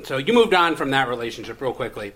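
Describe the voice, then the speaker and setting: A man's voice: mid-range voice, expressive, fast, fairly bright tone. A man co-hosting a comedy podcast, playfully setting up scenarios and feeding the others prompts for puns. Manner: playful setup questions. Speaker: podcast co-host. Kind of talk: comedy banter, setting up bits.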